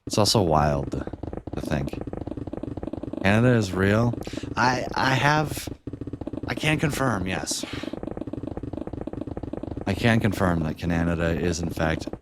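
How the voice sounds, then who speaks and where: A man chatting casually on a livestream, rambling and chuckling between thoughts. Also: deep voice. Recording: steady background noise.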